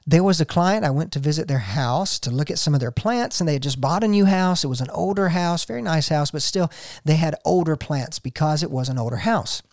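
A man's voice: a little high, expressive, a little fast, darkish tone, no room sound, clean studio sound. A man hosting a gardening show, talking folksy and casual and telling a story to listeners he calls folks.

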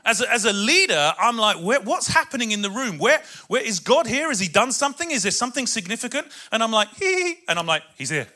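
A man preaching a sermon with excitable emphasis, then dropping quieter to read scripture. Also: high voice, fast talker, hardly any pauses. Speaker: pastor.

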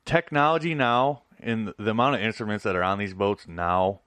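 A man's voice: lowish voice, moderate pace, a bit bright, smooth, no echo. A man co-hosting a casual podcast, talking animatedly, swearing a lot and saying "dude.". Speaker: podcast co-host.

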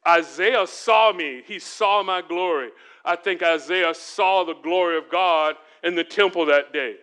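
Middle-aged male guest preacher, crisp and smooth, quizzes the room, acts out the voices he quotes. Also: a little high, pushed and bright. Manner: asks the audience questions and answers them. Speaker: guest speaker. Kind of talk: sermon.

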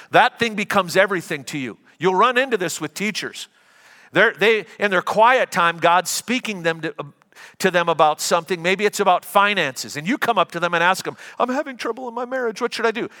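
A man's voice: high voice, bright, forceful tone, long reverb tail. A middle-aged man preaching a sermon as a pastor, talking in a conversational, anecdotal way and often restarting his sentences.

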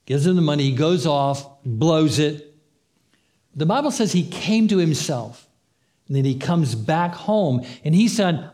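Warm in tone and fairly high in pitch, a male pastor gives an animated sermon at a measured pace. He talks conversationally, acting out dialogue from the story and repeating phrases for emphasis.

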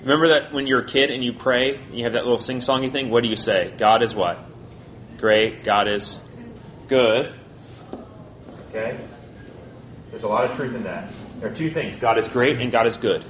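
Guy teaching bible to college kids, quick chatty delivery, average voice, a little background hiss. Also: medium pitch, a bit bright. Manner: conversational, quick, asks the class questions.

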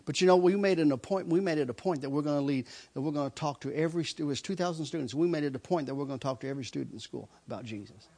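A man's voice: a little high, racing, few pauses, a little mellow. A middle-aged man telling his testimony in a loose, rambling story. He laughs often and stumbles over repeated words. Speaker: speaker giving a testimony.

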